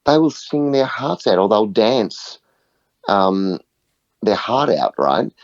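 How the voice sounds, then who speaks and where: Low-voiced earnest man. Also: sing-song, slow pace, no echo. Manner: earnest, storytelling, frequent "right?" checks. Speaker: guest, music facilitator. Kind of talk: conversational podcast interview. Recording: muffled, dull audio.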